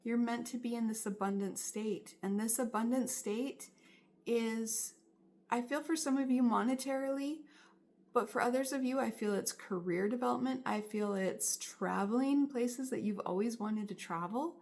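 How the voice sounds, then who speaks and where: A woman's voice: on the high side, normal speed, darkish tone. A woman giving a spiritual tarot reading, speaking in an earnest, encouraging and emphatic way. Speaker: tarot reader.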